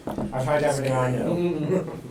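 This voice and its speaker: A man plays a tabletop game with a goofy, playful manner. He sits away from the mic in an echoey room, with steady noise behind him. His pitch is mid-range. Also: slow, distant mic. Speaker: player. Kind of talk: casual tabletop play.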